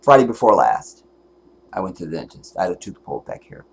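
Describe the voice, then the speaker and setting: A man's voice: sits low, sing-song, quick pace, vocal fry, darkish tone, breathy edge. A man hosting a livestream and giving commentary in an angry, profane, emotional rant, at times close to tears. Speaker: livestream host.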